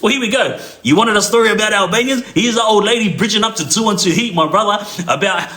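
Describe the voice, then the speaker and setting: Aussie guy telling a story, lots of ums, kinda high pitched, echoey room. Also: quick pace, bright, forceful tone. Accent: Australian. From Australia. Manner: rambling with many fillers and restarts. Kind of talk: casual storytelling to viewers.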